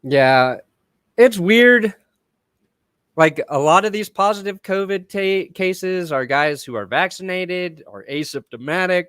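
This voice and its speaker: A young man co-hosting a sports podcast, with a voice that swings a lot in pitch. He is playful and self-mocking, and the recording is close and dry. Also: animated, slow, a bit bright, clean tone, no echo. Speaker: podcast co-host. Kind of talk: casual sports chat.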